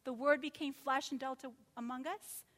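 A woman preaching a sermon, animated and full of rhetorical questions, acting out quotes as she goes. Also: high-pitched, normal speed, in a large hall.

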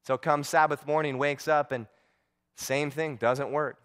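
A man's voice: fairly high pitch, steady tone, unhurried, fairly bright tone, smooth. A male preacher telling a story in a sermon, earnest, often repeating words as he goes.

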